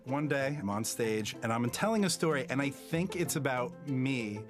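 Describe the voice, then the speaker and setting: Man, 30s, from New Jersey, comic stage storyteller, lively delivery, faint background music. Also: moderate pace. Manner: animated, comic, with big pitch jumps.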